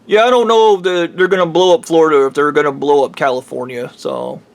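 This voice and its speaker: A man's voice: on the high side, expressive, quick pace. A man ranting heatedly in a rambling, profane vlog monologue. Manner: heated, rambling, swears freely. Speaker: vlogger.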